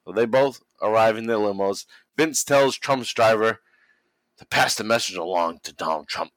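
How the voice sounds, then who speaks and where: A man's voice: fairly low pitch, moderate pace, fairly bright tone, dry recording, poor audio. A man hosting a casual podcast chat, telling a story with lots of swearing and laughter. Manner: mimics people he quotes. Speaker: podcast host. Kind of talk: casual chat recapping wrestling.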